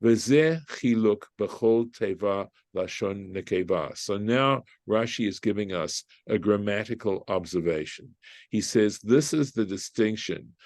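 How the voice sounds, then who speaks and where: A man's voice: on the low side, animated, darkish tone, no room sound. A man teaching a text-study lesson as a rabbi, reading Hebrew phrases and translating them, thinking aloud with restarts. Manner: halting, with restarts while reading.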